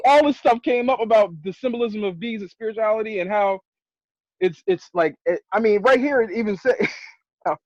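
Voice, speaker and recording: High-pitched man, excitable and emotional, dry dull lo-fi call audio. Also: moderate pace, no echo. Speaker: guest on a spirituality call. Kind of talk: casual group video-call chat.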